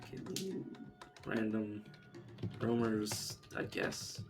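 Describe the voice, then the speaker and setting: A man's voice: lowish voice, normal speed, over music. A man streaming a game live, talking casually and thinking aloud as he plays. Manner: muttering and thinking aloud while playing. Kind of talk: casual live gameplay commentary.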